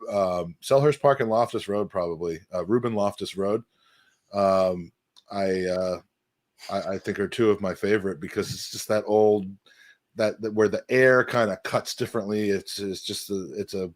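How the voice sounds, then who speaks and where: A lowish male voice at a moderate pace comes through with no room sound. He's a podcast co-host in casual conversation, rambling with many fillers and restarts.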